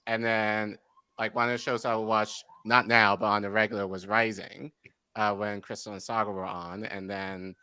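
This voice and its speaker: A man in his forties, a guest on a casual video-call panel, talking in a relaxed, hesitant way with many fillers. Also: fairly low pitch, moderate pace, clean tone, dry recording. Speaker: guest, preschool teacher.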